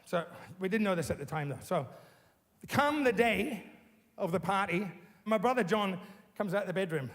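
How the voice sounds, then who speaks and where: A man telling blunt, animated stories about his childhood, swearing freely. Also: high-pitched, normal speed. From Australia. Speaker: interviewee. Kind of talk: casual storytelling.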